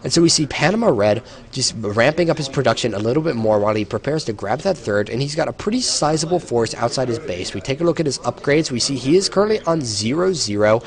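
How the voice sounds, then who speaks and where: A tired man giving solo play-by-play commentary on a strategy game, explaining the action with some hesitations. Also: mid-range voice. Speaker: esports caster.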